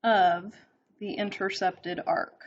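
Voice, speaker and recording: A woman's voice: mid-range voice, fairly even intonation, takes it slowly. A woman teaching a math lesson from her notes, checking in with frequent "okay?"s as she writes and explains. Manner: talks while writing, frequent "okay?" check-ins. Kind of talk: classroom video lesson, working through notes. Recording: slightly dull, lo-fi recording.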